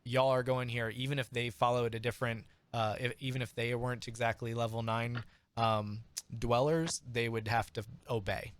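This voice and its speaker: A man's voice: mid-range voice, little pitch movement, moderate pace, clean tone, no room sound. Rambling man running a tabletop game. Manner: rambling, many fillers and restarts, bursts of speed. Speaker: game master.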